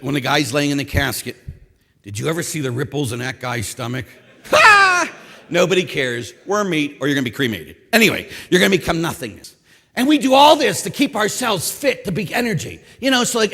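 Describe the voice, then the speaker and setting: A man delivers a sermon with a bright, fairly high voice that rises and falls a lot. He acts out the voices of others and shouts now and then. His words ring with a long reverb of a large hall. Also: breathy edge. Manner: animated, acts out quotes, shouts at times. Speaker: priest and former coach.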